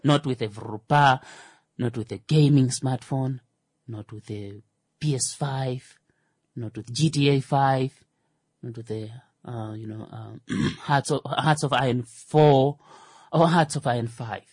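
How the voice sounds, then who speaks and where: A man's voice: mid-range voice, a little slow, darkish tone, husky, dry recording. A man, hosting a radio show and giving satirical news commentary with sarcastic, mock-indignant asides and stumbling restarts. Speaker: radio host.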